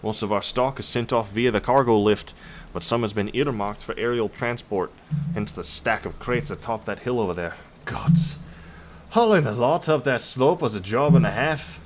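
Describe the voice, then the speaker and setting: Reading game dialogue aloud, a man plays an overworked farm laborer and attempts an Irish or Scottish lilt. The lightly acted, chatty delivery comes at normal speed, louder, higher and brighter than his own voice, over a little hiss or hum.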